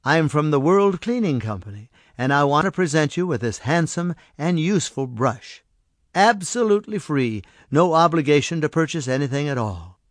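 A man voicing a small mysterious stranger who speaks softly and patiently. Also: on the high side, expressive, moderate pace, dry recording, clean studio sound, voice pushed up, lightly acted. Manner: soft, patient and coaxing. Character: small mysterious male stranger, gentle and knowing.

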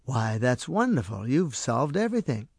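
A man voicing a small mysterious stranger who speaks softly and patiently. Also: mid-range voice, big pitch swings, moderate pace, slightly rough, dry recording, studio quality. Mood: delighted. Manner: soft, patient and coaxing. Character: small mysterious male stranger, gentle and knowing.

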